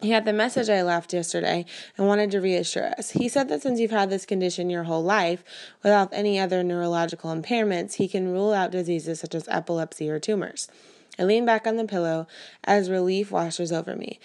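A woman reading a first-person novel aloud in an even, measured storytelling way. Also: on the low side. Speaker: reader.

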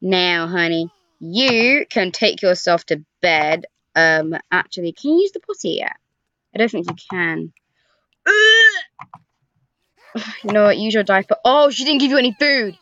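A woman's voice: mid-range voice, animated, measured pace, a bit bright, dull audio, a little hiss or hum. A young woman giving casual let's-play commentary, chatting to the characters in her game with sighs and groans. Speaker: gaming YouTuber. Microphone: desk microphone.

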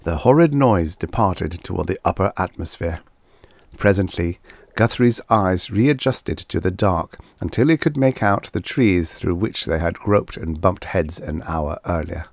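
A man reading a vintage science fiction story aloud as narrator, with animated delivery. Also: sits low, measured pace, dry recording. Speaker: audiobook narrator. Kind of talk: scripted narration.

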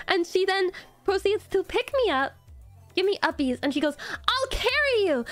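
A woman streaming as a VTuber, chatting casually and gushing through a story with lots of giggles. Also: sits high.

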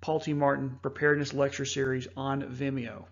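A man hosting a preparedness talk, narrating over slides in an earnest, measured way with frequent fillers. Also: medium pitch, flat delivery, gravelly, dull audio. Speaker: host.

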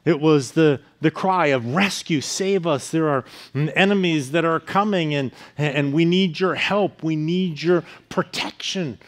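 Earnest pastor preaching a sermon. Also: male voice, on the high side, unhurried, hardly any pauses. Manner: earnest preaching with softer dropping phrase endings.

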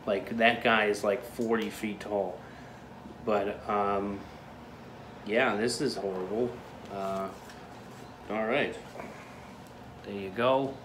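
A man's voice: on the low side, steady tone, slow, pauses often, noisy background. A young man hosting a casual chat, joking and rambling with frequent laughs, in a room at home. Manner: jokey, rambling, laughs often. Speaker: host. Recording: echoey room.

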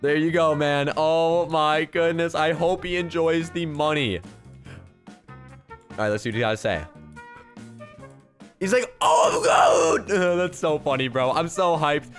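Hyped gaming host, a man, slightly high voice, faint music under him. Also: moderate pace, few pauses. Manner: hyped, jokey, reads in-game chat aloud. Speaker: gaming YouTuber. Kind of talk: excited gameplay commentary.

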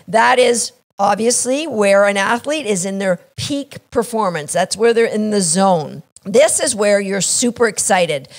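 Animated dog-training woman. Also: medium pitch. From Canada. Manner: animated, acts out little scenes, checks in with "right?". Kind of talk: explaining a training concept.

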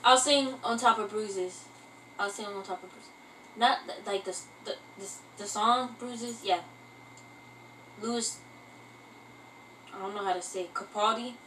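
A woman's voice: medium pitch, a little slow, long pauses, recorded from a distance, noisy background. A young woman vlogging in casual chat, rambling and self-mocking, who keeps breaking into bits of song. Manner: breaks into singing snatches. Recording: voice from away from the mic.

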